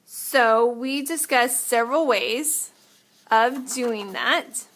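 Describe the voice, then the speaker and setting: A woman's voice: fairly high pitch, slow, a bit bright. A woman teaching an art lesson, explaining step by step while demonstrating on paper and sometimes moving away from the mic.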